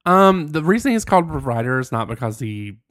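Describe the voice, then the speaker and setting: A man's voice: medium pitch, sing-song, a little fast, fairly bright tone, dry recording, clean studio sound. A man co-hosting a podcast, chatting casually and joking with lots of laughter. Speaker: podcast co-host. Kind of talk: casual chat.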